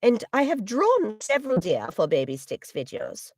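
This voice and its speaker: A woman's voice: mid-range voice, huge pitch swings, moderate pace. A woman chats with her stream viewers while sketching at home. Her voice swings up and down a lot, and she sounds courteous and a little old-fashioned in her wording. The sound is dry, with no room echo. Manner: polite, slightly formal wording; chatty, with frequent little laughs and throat clearing. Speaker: voice actor hosting a livestream signing. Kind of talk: casual livestream chat.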